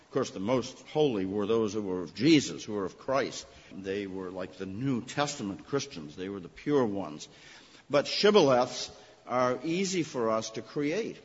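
A man's voice: mid-range voice, husky. A man preaching a sermon to his congregation, earnest and emphatic, stressing key words. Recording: long reverb, muffled lo-fi sound.

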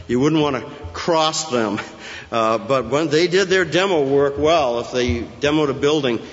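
A middle-aged male pastor preaching an expository sermon, with emphatic rises and quick asides. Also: medium pitch. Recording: muffled, lo-fi sound in a reverberant hall.

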